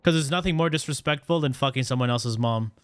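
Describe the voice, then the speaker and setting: A gaming streamer rattles off live game commentary at a quick pace, making crude jokes and rambling with repeated words. His voice is mid-range with a clean tone and no echo.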